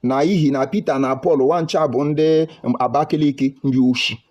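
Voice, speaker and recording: A man's voice: mid-range voice, moderate pace, darkish tone, lo-fi sound, close to an everyday voice. A man mimicking a fiery male preacher who thunders at his congregation with a Nigerian accent. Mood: preaching. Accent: Nigerian English.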